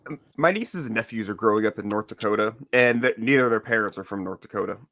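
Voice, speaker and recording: A man from Florida chatting casually as a podcast host, telling animated stories and laughing often. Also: fairly low pitch, fast talker. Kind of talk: casual chat.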